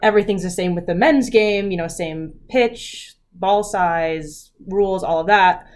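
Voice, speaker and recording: A woman's voice: mid-range voice, measured pace, a little mellow. Chatty woman guest, laughing easily. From Colorado, US. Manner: chatty, laughs often, many fillers like "like" and "um". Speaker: podcast guest, former rugby player. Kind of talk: casual conversational interview.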